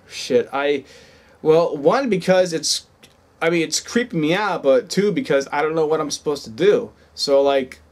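With a higher, animated voice, he speaks unhurriedly and leaves long pauses. The young gaming video host records at home using headphones and a desk mic, stammering from nerves and swearing and pleading as he plays.

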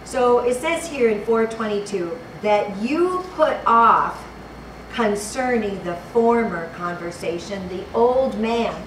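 A woman's voice: on the high side, animated, slow. Fervent woman preaching in an echoey hall. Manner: fervent, repeats phrases, fumbles for verses. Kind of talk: sermon. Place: church hall. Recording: echoey hall, distant mic, background noise.

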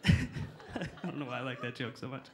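A man's voice: mid-range voice, flat delivery, fairly quick, a crowd in the background. A middle-aged American man performing a sardonic, profane stand-up set on a comedy club stage, rambling with lots of fillers. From United States.

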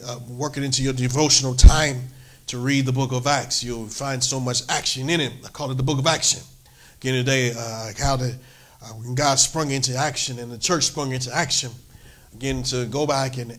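Forceful, emphatic male pastor preaching. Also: medium pitch. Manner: emphatic preaching, frequent "amen", raises voice reading scripture. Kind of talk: sermon.

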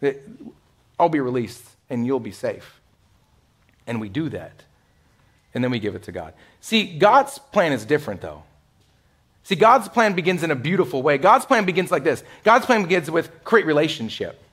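A male pastor delivering a sermon in a conversational way, swinging from loud, emphatic lines to hushed ones and acting out the voices he quotes. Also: on the high side, very animated, moderate pace, slightly rough. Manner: conversational, many "like" asides and laughs. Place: church sanctuary.

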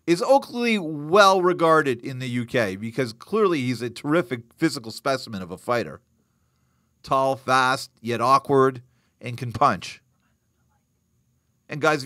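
A man hosts a live boxing news show, animated and joking as he reacts to the live chat and answers viewers. His pitch is medium. The studio-quality recording is dry.

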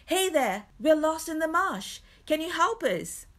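A frightened man stuck in a marsh , put on by a woman reading aloud. He calls out in a raised, pleading voice that climbs well above her own. His pitch wavers widely with worry. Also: very animated, measured pace. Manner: anxious, pleading. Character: frightened scornful male traveller.

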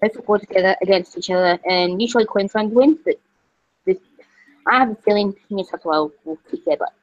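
A woman's voice: medium pitch, brisk. Chatty woman on a gaming stream. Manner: chatty, laughing, frequent "jeez". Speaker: streamer, host. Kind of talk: casual gaming livestream chat. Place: kitchen at home. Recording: dull lo-fi sound.

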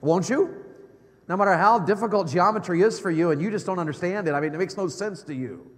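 A middle-aged male evangelist preaching in a church sanctuary with a fairly high voice. He swings between loud, excited bursts and hushed, low asides. Long reverb rings through the hall. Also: brisk. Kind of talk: sermon.

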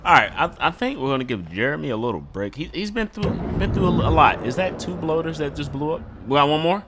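Man, gaming commentary, lively pitch, yells a lot, noisy game sound behind, home setup. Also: fast. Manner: excitable, yells and talks to game characters. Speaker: gaming YouTuber. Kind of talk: let's play commentary. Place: home room.

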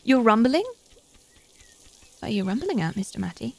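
A British woman streamer chatting casually as she plays, reading out chat and getting excitable. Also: fairly high pitch, moderate pace, vocal fry. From Britain. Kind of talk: casual gaming commentary.

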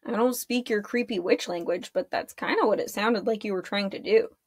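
A woman's voice: medium pitch, brisk, no room sound, clean studio sound, close to an everyday voice. Woman reading as a cocky teasing boy. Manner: teasing, wisecracking.

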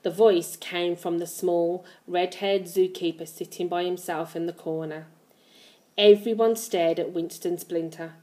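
A woman reading a children's book aloud with lively storytelling. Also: lowish voice, a little slow. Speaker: reader.

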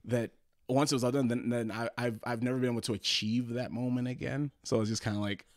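A man's voice: medium pitch, fairly even intonation, fast talker, no echo, studio quality. A man co-hosting a podcast, telling rambling, profane stories in casual chat, full of restarts and laughs. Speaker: podcast co-host.

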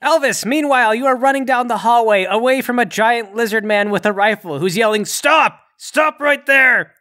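A man runs a tabletop role-playing game, narrating the action with animated, theatrical energy. His voice sits fairly high for a man. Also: fairly quick. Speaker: game master.

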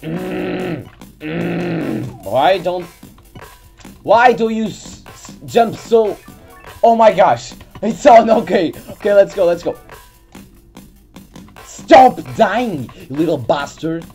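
Close to a desk mic near her keyboard, a woman hosts a gaming video with let's-play commentary, exasperatedly scolding her character and swearing. Her mellow, mid-range voice has lively intonation, moving slowly with long pauses, and faint game music plays behind her.

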